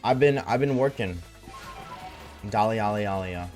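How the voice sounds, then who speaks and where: A man's voice: fairly low pitch, normal speed, darkish tone, faint music behind. A man streaming a game and chatting casually with his viewers, laid-back and slangy, reading chat aloud.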